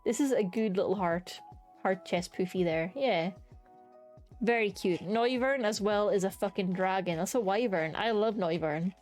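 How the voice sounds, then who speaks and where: A woman's voice: medium pitch, normal speed, darkish tone, faint music behind. Chatty young woman streamer, enthusiastic. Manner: chatty, enthusiastic, swears casually. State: hiccups. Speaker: streamer ranking creatures. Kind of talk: casual live-stream commentary.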